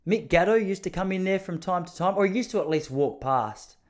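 A man's voice: sits high, animated, a little fast. A man with an Australian accent telling comic stories in a chatty, rambling, self-mocking way. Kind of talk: casual comic storytelling monologue.

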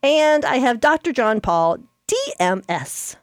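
A woman hosting a casual radio chat, talkative and quick to correct herself and laugh. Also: a little high, expressive, no echo, studio quality. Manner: chatty, self-correcting, laughs easily. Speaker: radio show host.

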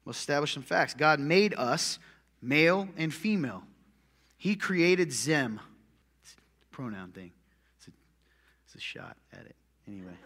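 A man preaching a sermon as pastor, punchy and joking, swinging from loud calls to muttered asides. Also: a little high, animated, a little slow, pauses often. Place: church hall with long reverb. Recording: echoey church hall.

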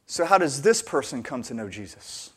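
A man's voice: medium pitch, sing-song, normal speed, a bit bright, husky. Earnest man preaching a sermon. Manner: earnest, building to emphatic peaks, with frequent fillers and restarts. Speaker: pastor.

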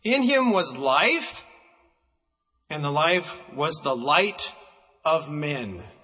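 A man preaching a sermon, emphatic and slowing down to stress single words, recorded in a church hall. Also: fairly high pitch, sharp tone.

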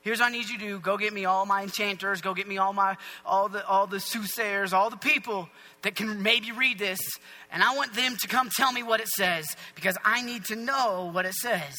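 A man's voice: high-pitched, fairly even intonation, moderate pace, sharp tone, big-room sound. A man playing a panicky ancient king. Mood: panicked. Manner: casual, modern slangy talk.

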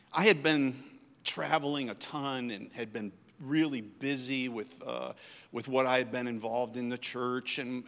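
Bright-voiced man preaching in a hall. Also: mid-range voice. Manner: storytelling that builds to emphatic preaching. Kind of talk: sermon.

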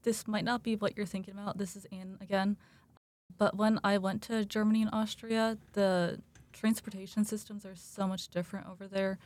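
A woman's voice: medium pitch, little pitch movement, moderate pace, darkish tone. A young woman, a student of German, talking casually on a student panel, chatty and sprinkling in "like.". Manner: chatty, laughs between points, many "like" fillers.

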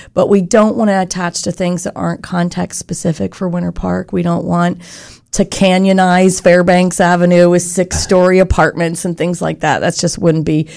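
A woman's voice: lowish voice, vocal fry, darkish tone. A woman leading a chamber of commerce, speaking earnestly and articulately in an interview conversation. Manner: earnest, articulate, explains with examples.

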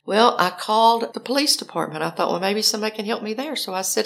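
Older lady telling a story, a bit gravelly, acts out her own panicky calls. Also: mid-range voice, lively intonation, fast talker, hardly any pauses, fairly bright tone. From Alabama, US. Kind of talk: personal storytelling.

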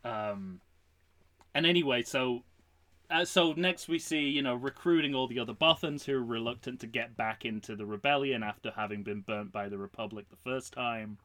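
A man co-hosting a casual podcast, telling a story pitch with animated energy and acting out the lines. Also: normal speed. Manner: animated storyteller, acts out quotes. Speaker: podcast co-host.

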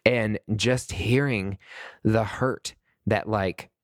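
Podcast host, male, fairly low voice, heated and rambling monologue, dry sound. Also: fairly even intonation, extremely slow, no echo. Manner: impassioned, rambling, many restarts and "like"s.

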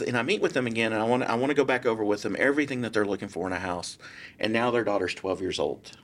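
A man's voice: on the low side, racing. A man, a guest real estate broker telling a story casually and acting out the quotes in changing voices. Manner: animated, acts out quotes in different voices.

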